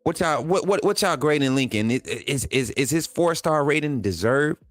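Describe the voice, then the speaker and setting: A man's voice: fairly high pitch, normal speed, no echo. Hyped up guy doing a sports livestream, talks right to the chat, says stuff over and over, dry close mic w faint music under it. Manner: excitable, hypes players, talks straight to viewers; repeats phrases, casual colloquial speech. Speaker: sports channel host. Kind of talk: casual livestream commentary reading chat.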